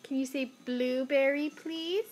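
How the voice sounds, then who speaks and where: A young mother filming at home, patiently coaxing her toddlers to repeat words in a slow, sing-song way. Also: high voice, steady tone, darkish tone. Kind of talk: home video, coaxing small children.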